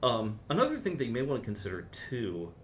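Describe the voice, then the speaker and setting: A man teaching a private composition lesson, explaining in a relaxed, chatty way with many ums. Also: medium pitch, fast talker, slight background noise. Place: university music lesson room.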